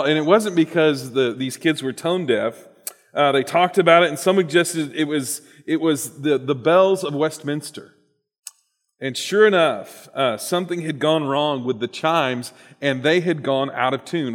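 A man delivering a conversational sermon in a church, restarting his phrases often as he tells a story. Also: fairly high pitch. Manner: conversational with frequent restarts and fillers. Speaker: preacher. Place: church sanctuary. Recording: long hall reverb.

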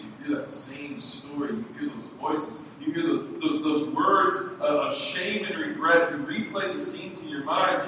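A man's voice: medium pitch, background noise. A man preaching an earnest sermon as pastor, his intensity rising as he goes. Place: church sanctuary. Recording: echoey church hall from far off.

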